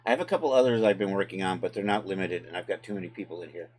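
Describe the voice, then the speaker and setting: This livestream host and 3D software tutor has a fairly low voice and races along as he walks viewers through a software task. He chats easily with his audience, narrating every click in a loose, unscripted way, thinking aloud in a relaxed, casual tutorial.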